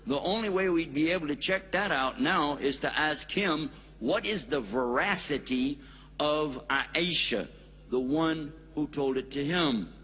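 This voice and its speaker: A man's voice: fairly high pitch, measured pace, fairly bright tone. A man with an American accent giving a public Islamic lecture, folksy and joking, stressing words for emphasis. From United States. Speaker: Islamic preacher. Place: lecture hall in India.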